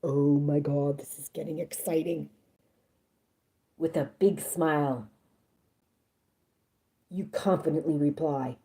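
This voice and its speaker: A woman with a warm, low-pitched voice reads slowly and pauses often, her intonation fairly even. Reading a story on a live stream, she stays chatty and playful, dropping jokes, asides and swears between passages.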